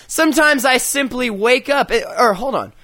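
A man's voice: extremely high pitch, lively intonation, measured pace, bright, forceful tone, dry recording. A man co-hosting a crude comedic chat show, profane and provocative, laughing often. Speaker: podcast co-host.

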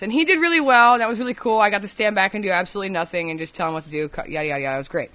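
A woman's voice: mid-range voice, very fast, hardly any pauses, fairly bright tone. A woman co-hosting a podcast, telling a rambling, profane story in casual chat. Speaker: podcast co-host.

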